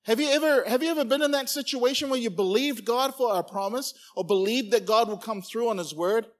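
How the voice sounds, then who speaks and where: High-voiced, animated male preacher. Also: a little fast. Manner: animated, playful, acts out characters. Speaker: pastor. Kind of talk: sermon.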